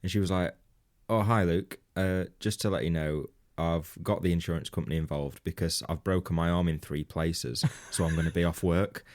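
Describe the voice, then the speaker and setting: A man's voice: low voice, steady tone, normal speed, hardly any pauses, darkish tone. A man co-hosting a comedy podcast, telling a rambling anecdote in casual banter, laughing often and swearing freely. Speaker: podcast co-host.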